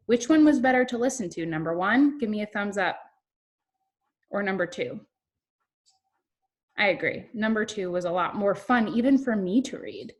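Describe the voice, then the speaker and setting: A young woman teaching a kindergarten lesson over her computer mic in an online class. Her voice sits at a middle pitch and swings up and down in an expressive, upbeat teacher manner. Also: breathy edge.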